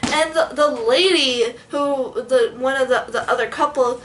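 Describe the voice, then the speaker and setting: A young woman telling a story in a casual vlog, animated and sassy, acting out what people said. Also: sits high, measured pace, far from the mic. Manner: animated, sassy, dramatic retelling with quoted asides. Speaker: vlogger.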